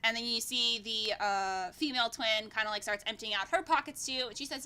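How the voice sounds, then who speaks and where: Bright, high-voiced woman game master. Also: a little fast, few pauses. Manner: casual, rambling, swears freely. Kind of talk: narrating a tabletop game.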